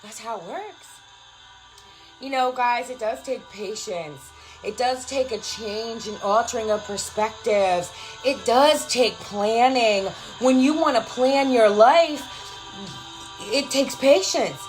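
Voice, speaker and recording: A woman's voice: a little high, slow, soft background music, poor audio. A woman giving casual motivational talk on a live stream, emphatic and affectionate, swearing freely and repeating phrases for effect while answering viewers. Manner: affectionate, calls viewers girl and love. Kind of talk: casual live stream chat, reading comments.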